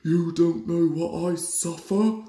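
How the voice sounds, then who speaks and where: A man's voice: on the high side, fairly even intonation, takes it slowly, warm tone. A man doing a moaning, self-pitying big engine. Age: 20s. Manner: whiny, complaining. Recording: roomy echoey room.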